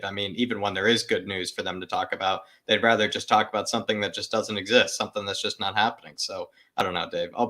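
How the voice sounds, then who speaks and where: A man co-hosting a fan show, bantering quickly in casual chat and filling his talk with "you know". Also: sits low, bright, forceful tone. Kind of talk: casual live-stream chat.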